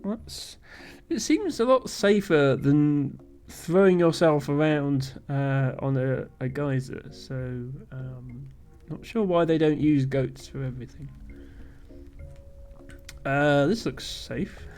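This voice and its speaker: A man streams a game live, talking his way through it with lots of ums and small chuckles. His voice sits a bit high, with quiet game music running behind him. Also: slow. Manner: thinking aloud, frequent ums and chuckles.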